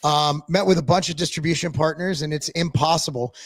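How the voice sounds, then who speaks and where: Guy with a kinda high voice ranting on a stream, swears a lot, tripping over his words, dry close mic. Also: steady tone, dry recording. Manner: blunt, profane, rapid rambling with restarts. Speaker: podcast co-host. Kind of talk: casual chat.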